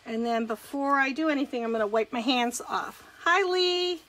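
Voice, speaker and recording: At normal speed, a woman speaks in a high, fairly bright voice on a rough recording. This craft demonstrator and direct sales consultant chats through a live crafting demonstration, greeting viewers as she works step by step.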